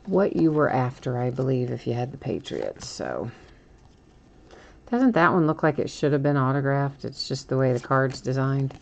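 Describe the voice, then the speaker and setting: A woman's voice: extremely low pitch, very animated, normal speed, gravelly, a little mellow. A woman hosting a live-stream card break, chatting and laughing as she reveals each card and often trips over player names.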